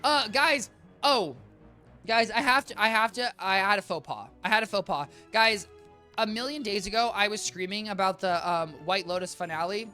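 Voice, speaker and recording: A game streamer with a mid-range, sharp-toned voice talks at normal speed while playing, rambling chattily with viewers and calling them "guys." The voice sounds a little worn out, with faint music behind.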